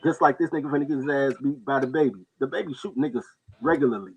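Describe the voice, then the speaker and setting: A man casually telling stories on a talk show, animated and quick to act out the people in them. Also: husky, highs cut off. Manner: animated storyteller, jumps into high-pitched voices for others. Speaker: podcast co-host telling stories. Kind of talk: casual storytelling chat.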